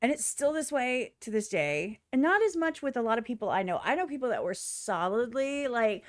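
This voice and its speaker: A woman's voice: a little high, animated, brisk, no echo, clean studio sound. A woman streamer giving blunt, profane reaction commentary on a music video, often mimicking other people in exaggerated voices.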